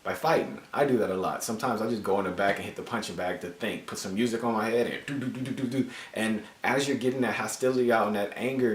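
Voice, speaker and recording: A man casually reviewing a comic book, animated and joking with frequent swearing. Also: lowish voice, distant mic. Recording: roomy echo, voice off-mic.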